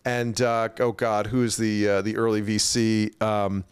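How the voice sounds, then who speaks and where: A man's voice: lowish voice, flat delivery, measured pace, clear, resonant tone. Thoughtful man hosting a podcast. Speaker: podcast host. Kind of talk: casual interview chat.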